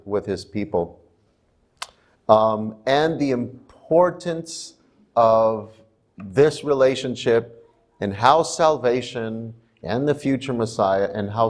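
A man who is a pastor, giving a sermon in a church in a conversational, self-amused way. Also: medium pitch. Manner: conversational, laughs at himself while telling stories. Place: church sanctuary.

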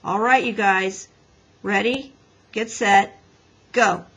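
A woman's voice: mid-range voice, fairly even intonation, takes it slowly, a bit bright, slightly rough, heavily acted, rough recording. A woman voicing a fair-minded boy who referees the contest in a firm, commanding tone.

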